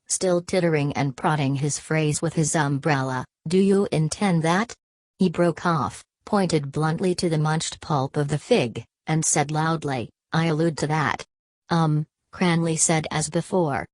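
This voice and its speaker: A woman with a notably low voice reads a novel aloud, steady and measured, carrying the characters' lines without much change of voice. The sound is dry and close, with no room around it. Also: no room sound. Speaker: audiobook narrator. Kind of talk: scripted narration.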